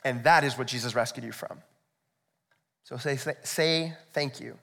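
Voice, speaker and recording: A man's voice: medium pitch, normal speed, creaky, a bit bright. Man preaching in an echoey hall. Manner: conversational, explanatory preaching with rhetorical asides. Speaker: pastor. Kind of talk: sermon. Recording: echoey hall, long reverb.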